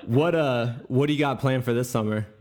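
A man's voice: medium pitch, brisk, darkish tone, slight background noise. A man hosting a podcast, chatting casually, rambling and stumbling over his words and laughing easily. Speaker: podcast host.

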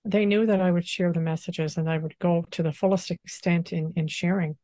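A woman speaking as a spiritual teacher in an interview, gentle and unhurried, often saying "you know". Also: lowish voice, fairly even intonation, dry recording. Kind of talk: calm spiritual interview talk.

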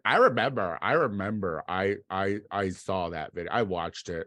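A man from the United States delivering a casual comedic monologue as a podcast host. He rambles and swears, with sudden loud outbursts. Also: low voice, expressive, normal speed, few pauses, no room sound.

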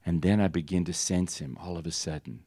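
A man teaching at a ministry school, telling stories and laughing often, jumping up in pitch as he acts out what people said. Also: fairly quick, warm tone, slightly rough, no echo. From United States. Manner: storytelling, laughs often, acts out dialogue with big jumps in pitch. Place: church teaching hall.

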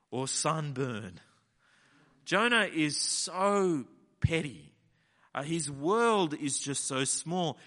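A male preacher delivers a sermon, his bright voice leaping up and down as he acts out the lines he quotes. A long reverb hangs behind him, as if he is in a large hall. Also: a little high.

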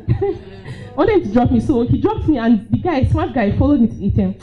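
A woman's voice: high voice, animated, a little fast, faint music behind. A young woman with a Nigerian accent telling a personal story at a live event, laughing often and acting out her own reactions. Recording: dull lo-fi live recording.

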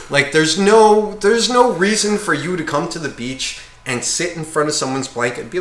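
A man's voice: fairly high pitch, moderate pace, few pauses, a bit bright, echoey room. A man, co-hosting a casual podcast and ranting with lots of swearing while acting out other people. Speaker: podcast co-host. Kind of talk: casual chat.

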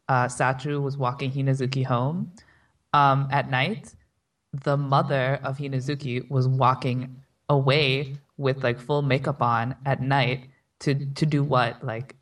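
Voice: mid-range voice, level tone, slow pace, a bit bright. A panelist speaks hesitantly, padding questions with fillers in a loose group chat. The voice sounds distant, picked up well away from the microphone. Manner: hesitant, questioning, many ums. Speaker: podcast panelist. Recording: voice distant from the mic.

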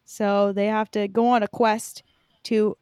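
A woman's voice: mid-range voice, flat delivery, unhurried, a little mellow, clear, resonant tone, no echo, clean studio sound. A young woman co-hosting a podcast in casual chat, rambling with lots of fillers and casual swearing. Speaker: podcast co-host.

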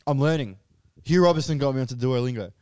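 A man's voice: mid-range voice, fast talker, darkish tone. A man, a comedian, telling a story on a casual podcast and acting out both sides of the conversation, swearing freely and laughing through it.

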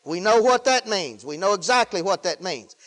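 A man preaching a fervent sermon, swinging between loud exclamations of praise and low, quieter asides. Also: lively intonation, moderate pace. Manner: fervent, rising and falling with hallelujahs.

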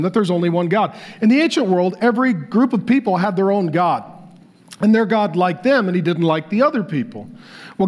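A male pastor delivering a sermon, reading facts aloud and breaking into animated, joking asides. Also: high voice. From Irish descent.

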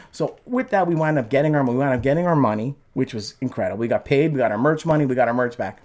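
Animated middle-aged man telling stories. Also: mid-range voice, very fast, hardly any pauses. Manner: animated, with frequent restarts and acted-out quotes in raised voices. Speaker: guest, former band singer. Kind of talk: conversational storytelling.

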